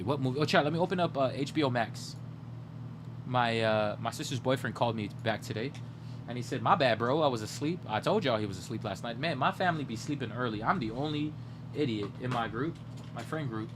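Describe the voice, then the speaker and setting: A man's voice: medium pitch, background noise. A young man chatting casually to his livestream audience late at night while browsing movies. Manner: rambling, talks to chat while browsing.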